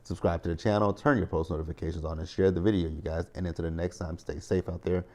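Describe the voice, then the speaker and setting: A man's voice: deep voice, fairly even intonation, fast talker, a little mellow. A man in his thirties giving a chatty, opinionated recap of a reality show, talking straight to his viewers. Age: 30s. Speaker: TV recap host.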